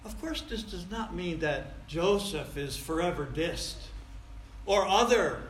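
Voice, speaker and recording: A male pastor preaching a sermon emphatically, with big swings in loudness. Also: high voice, lively intonation, slow pace. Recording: echoey room.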